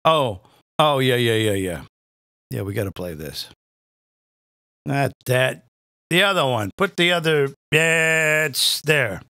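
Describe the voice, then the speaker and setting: Crude, sarcastic comedian ranting. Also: male voice, mid-range voice, animated, takes it slowly, long pauses, pushed and bright, clear, resonant tone, dry recording, clean studio sound. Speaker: comedian host. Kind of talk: live comedic rant.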